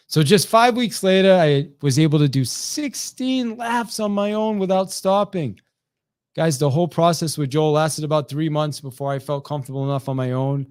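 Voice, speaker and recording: Animated storytelling man, dry sound. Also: fairly high pitch, no room sound. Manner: animated, acts out quoted dialogue, frequent restarts. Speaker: sales trainer. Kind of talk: motivational storytelling.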